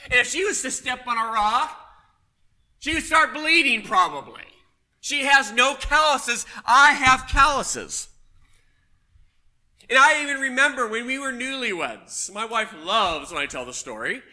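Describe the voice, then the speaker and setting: A man preaching a sermon, telling a personal story with emphatic, loud punches. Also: very high-pitched, expressive, unhurried. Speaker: pastor.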